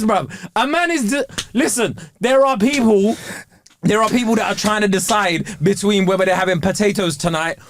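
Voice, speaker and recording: A man co-hosting a podcast, ranting in a loud, emphatic, comic way. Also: high voice, normal speed. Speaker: podcast co-host. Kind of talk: casual chat.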